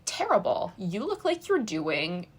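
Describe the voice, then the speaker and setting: A woman playfully imitating a young man who fusses over a friend, sassy and gossipy, jumping high. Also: wildly swooping pitch, a little slow, breathy edge, exaggerated voice. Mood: fussing.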